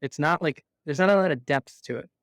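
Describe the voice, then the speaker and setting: Man, interview guest, fairly high voice, dry close sound, animated explainer, quick to laugh. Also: dry recording. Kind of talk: conversational business interview.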